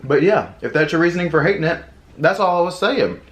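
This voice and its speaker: A man with a Southern US accent, a podcast co-host, talking casually in an animated, indignant rant full of fillers. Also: on the high side, fairly quick, noisy background. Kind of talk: casual chat. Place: home, eating at table.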